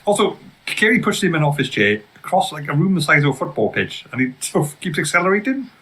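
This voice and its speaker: A podcast co-host talking through a film at speed, with a lot of giggling. His voice is bright but husky. His pitch rises and falls in a lively way. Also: low-quality recording. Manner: quick, giggly commentary. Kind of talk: casual comedic film commentary.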